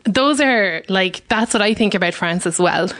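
A woman with an Irish accent, a comedian chatting as a guest on a podcast, hesitant and quick to laugh, speaking into a studio microphone. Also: mid-range voice, lively intonation, fairly bright tone. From Ireland. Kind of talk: casual podcast chat.

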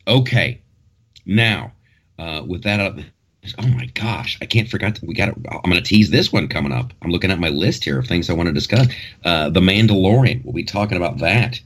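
A man's voice: sits low, lively intonation, moderate pace. A man hosting a podcast in casual chat, rambling and joking as he talks through the news. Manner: rambling, joking, many restarts. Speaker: podcast host.

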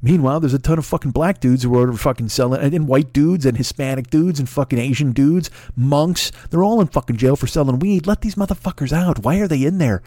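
A man's voice: fairly high pitch, fairly quick, hardly any pauses, dark tone, no echo, clean studio sound. A man ranting profanely in a comedic podcast monologue, full of swearing, laughs and restarts. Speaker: podcast host.

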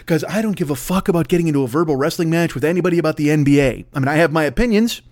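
A man's voice: a little high, very fast, a little mellow, dry recording, studio quality. A man hosting a podcast in a casual comedic rant, profane, sarcastic and rambling, talking into a microphone. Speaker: podcast host.

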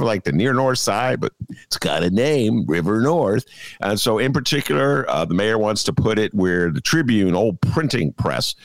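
A man's voice: low voice, no room sound. A middle-aged man from Chicago hosting a talk show, delivering a casual, sarcastic opinion monologue with folksy asides to his listeners. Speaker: radio show host.

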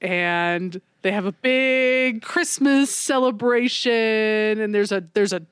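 Animated, swearing woman in casual chat. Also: fairly high pitch, slow pace, smooth, dry recording, clean studio sound. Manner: animated retelling, swearing, acting out quotes.

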